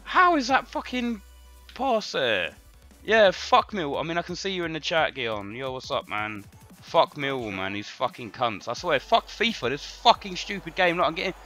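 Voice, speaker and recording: Guy yelling at a football game on stream, bright voice all over the place, dull audio with music under it. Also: on the high side, big pitch swings, moderate pace. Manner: swearing, frustrated, ranting at the game. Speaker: gaming streamer. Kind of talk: live gameplay commentary.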